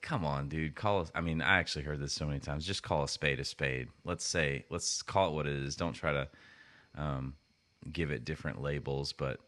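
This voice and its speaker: A man's voice: extremely low pitch, pushed and bright. A man co-hosting a podcast in casual chat, rambling with frequent restarts. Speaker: podcast co-host.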